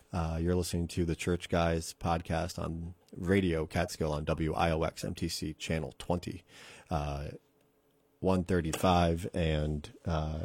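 Guy preaching on a radio show, lowish voice, dry close mic, keeps repeating lines for emphasis. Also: vocal fry, dark tone, no echo. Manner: earnest, repeats phrases for emphasis. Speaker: radio podcast host and preacher. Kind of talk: casual radio sermon. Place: radio studio.

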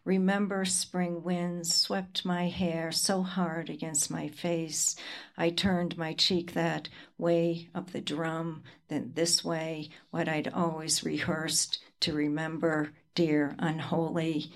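A woman reading her own poems aloud at a reading, in a slow, measured recitation. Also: low voice, flat delivery. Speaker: poet. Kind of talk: poetry reading.

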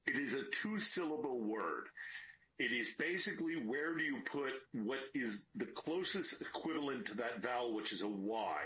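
A man's voice: mid-range voice, lively intonation, normal speed, bright, forceful tone. A man, a war correspondent, speaking by phone in an earnest, explanatory way, tired from lack of sleep. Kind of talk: phone interview. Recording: dull lo-fi phone line.

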